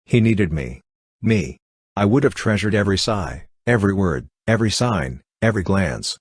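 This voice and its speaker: A man's voice: fairly low pitch, expressive, normal speed, breathy edge, dry recording. A man reading as a grieving, devoted young woman. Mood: mournful. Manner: earnest, mournful delivery. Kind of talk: audiobook character reading.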